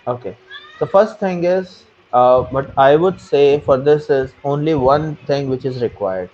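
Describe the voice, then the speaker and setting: A man's voice: mid-range voice, measured pace, a little mellow, slight background noise. Muffled Punjabi-accented man, earnest. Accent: Punjabi-influenced Indian English. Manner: earnest, explains with repeated phrases. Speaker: interview guest, French learner. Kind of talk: casual interview. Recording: muffled lo-fi sound.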